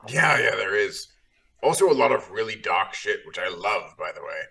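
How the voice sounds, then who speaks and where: A man's voice: on the low side, sing-song, normal speed, gravelly, bright, forceful tone, husky. A man playing in a tabletop game, sardonic and swearing freely. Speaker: player. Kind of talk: casual tabletop play.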